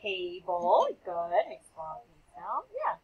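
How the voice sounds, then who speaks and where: A woman's voice: on the high side, sing-song, a little slow, slightly rough, lo-fi sound. A young woman teaching a classroom phonics lesson, calling on students by name and repeating their answers with encouragement. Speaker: elementary school teacher.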